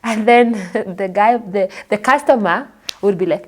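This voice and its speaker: A woman from Kenya with a Kenyan accent, a guest telling her personal story in an expressive way and acting out the people she quotes. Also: medium pitch, unhurried. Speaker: interview guest.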